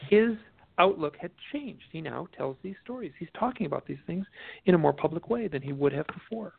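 A man, a guest author, telling stories in a casual interview, animated and often restarting his sentences, heard over a phone line. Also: fairly high pitch, brisk, vocal fry, breathy edge, no room sound. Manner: animated storyteller, restarts a lot. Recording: tinny dry phone line.

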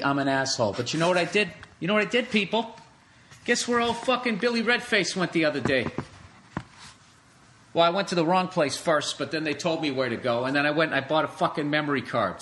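Man, podcast host, solo comedic rant, sarcastic, profane, sharp bright tone. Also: fairly high pitch.

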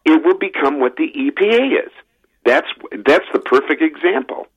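A man calling in to a talk radio show, talking in an animated, emphatic way over a phone line. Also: fairly high pitch, moderate pace, husky. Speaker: caller. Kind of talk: political call-in radio talk.

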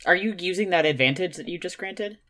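A woman's voice: on the low side, fairly quick, a bit bright. A woman playing a tabletop game, teasing and cheering on the other players. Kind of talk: casual tabletop game play.

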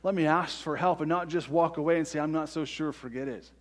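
A man's voice: on the high side, brisk. A man preaching a sermon earnestly, often checking in with the congregation by asking "right?". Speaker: pastor.

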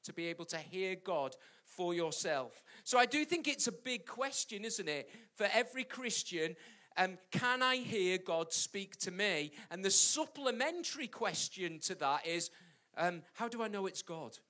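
High-voiced British preacher, emphatic. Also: male voice, very animated, unhurried, sharp tone. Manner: emphatic, repeats key points, jokey asides. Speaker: pastor. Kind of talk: sermon.

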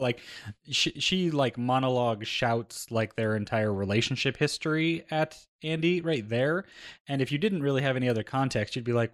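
Male co-host, casual film talk, mid-pitched, acts out quotes. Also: moderate pace. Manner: chatty, acts out scenes in quoted voices. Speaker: podcast co-host. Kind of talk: casual movie-review chat.

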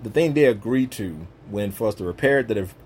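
A man's voice: fairly low pitch, animated, a little fast, a little mellow, slight background noise. A man hosting his own podcast, talking to viewers in an emphatic, conversational, preachy way about faith. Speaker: podcast host.

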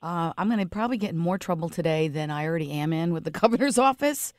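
A woman's voice: fairly low pitch, expressive, quick pace, darkish tone, no room sound. A woman hosts a radio talk show from a dry, close-miked studio. She speaks with emphatic sympathy and often trips into restarts as she pushes her point.

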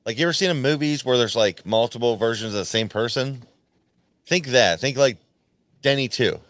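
A man hosting a podcast, telling a rambling, profane story in casual chat, often restarting his sentences and acting out quoted lines in a louder, higher voice. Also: moderate pace, no echo. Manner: acts out quoted lines with sudden jumps in pitch. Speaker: podcast host.

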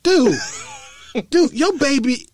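High-pitched joking male co-host. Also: animated, extremely slow, a little hiss or hum. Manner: loud, joking, bursts of laughter. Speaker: podcast co-host. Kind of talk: casual comedic chat.

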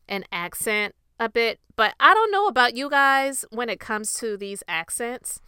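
A woman's voice: mid-range voice, pushed and bright, clean tone, no echo, studio quality. A woman podcast host giving chatty, opinionated commentary with emphatic stress. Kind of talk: casual commentary.

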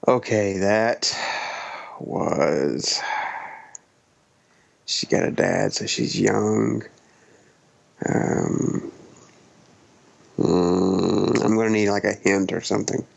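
A playful man jokes his way through a casual movie quiz with friends. His voice is low and gravelly, with a relaxed, teasing delivery. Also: drawn-out words, long pauses. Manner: playful, jokey. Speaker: podcast panelist. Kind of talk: casual podcast chat.

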